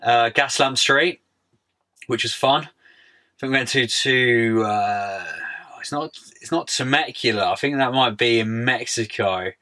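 Young man, casual interview chat, bright tone, laid-back slangy talk. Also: medium pitch, measured pace. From United Kingdom. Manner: chatty, says "mate" and "like" a lot, laid-back slang. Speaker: podcast guest.

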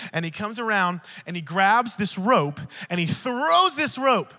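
A man preaches with a high, ringing voice. He moves from fervent, shouted declarations to relaxed storytelling and acts out the voices in his tale. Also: normal speed, few pauses, big-room sound. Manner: shifts between loud preaching and quiet storytelling; acts out dialogue in his stories. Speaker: pastor. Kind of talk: sermon with storytelling.

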